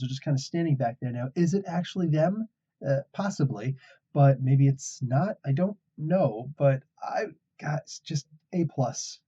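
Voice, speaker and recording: A man's voice: medium pitch, warm tone, husky. A man hosting a casual comic book review, an enthusiastic storyteller who chuckles as he recaps. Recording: dull lo-fi recording.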